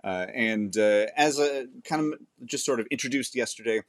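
A man's voice: mid-range voice, normal speed, dry recording. A male podcast host and author reading his newsletter aloud. He is chatty and self-deprecating, with frequent fillers and casual asides. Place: small closet in front of a sheet.

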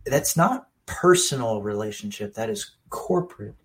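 A man's voice: mid-range voice, expressive, moderate pace. A man who is a pastor, co-hosting a casual faith podcast and explaining his views in a conversational, sometimes emphatic way.

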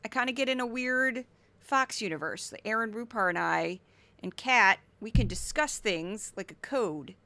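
A woman in her forties from Missouri gives solo podcast commentary. She sounds sarcastic and goofy, with a bright, high voice. The recording is close and dry. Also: lively intonation, unhurried, no room sound. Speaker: podcast host.

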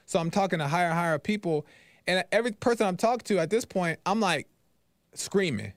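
A man tells a long frustrated story on his podcast, acting out each phone call and checking in with "right?". His voice sits a bit high for a man. The sound is dry and close, with no room in it. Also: brisk, no echo. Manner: animated storytelling, acts out phone calls, frequent "right?". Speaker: podcast host. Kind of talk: casual monologue.

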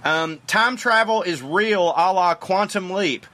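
A man's voice: high voice, takes it slowly, pushed and bright. A man, chatting casually and profanely as he answers fan questions on his porch. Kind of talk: casual Q&A monologue. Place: outdoors on a porch.

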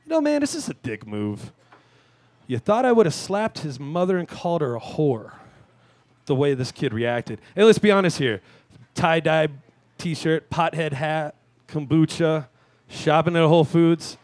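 A man in his thirties hosting a live talk show, delivering a crude, self-mocking comic monologue with sudden shouted rants. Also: a little high, unhurried, no echo. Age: 30s. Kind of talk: stand-up style monologue. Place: live venue stage.

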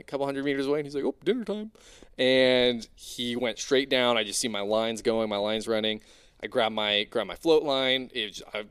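A young man casually telling an animated, excitable diving story, full of fillers. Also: mid-range voice, clean tone. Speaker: spearfishing diver guest.

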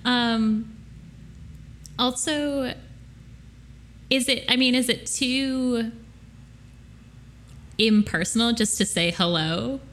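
A woman from upstate New York co-hosting a podcast, playful and quick to laugh as she rambles through stories. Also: a little high, fairly bright tone. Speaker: podcast co-host. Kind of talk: casual chat.

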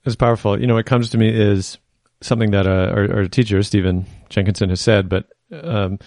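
A man hosting a podcast, answering his guest in a slow, measured way and pausing to find words. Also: fairly low pitch, a little mellow, dry recording, clean studio sound. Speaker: podcast host. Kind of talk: thoughtful conversational response.

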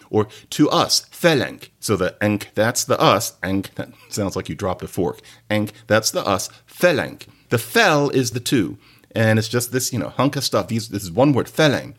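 A man hosting a podcast, giving a playful, digressive explanatory monologue. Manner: playful, digressive lecturing with sudden pitch jumps. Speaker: podcast host.

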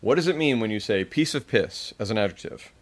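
A man's voice: fairly low pitch, lively intonation, fairly quick. Podcast co-host, male, playful quizmaster energy, laughs easily. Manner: playful quizzing, laughs often. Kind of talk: casual comedic chat.

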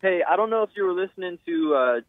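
A man's voice: high voice, lively intonation, quick pace, no echo. A man from Texas calling into a talk show, friendly and chatty with some hesitations. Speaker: caller. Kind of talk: casual call-in chat. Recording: tinny phone line.

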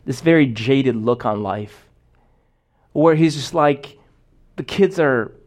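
A man's voice: mid-range voice, slow, a little mellow. A young man preaching a sermon in a casual, storytelling way, full of fillers and restarts. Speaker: pastor.

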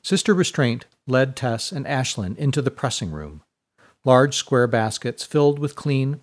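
A man narrating a scripted story in a steady, descriptive way. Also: medium pitch.

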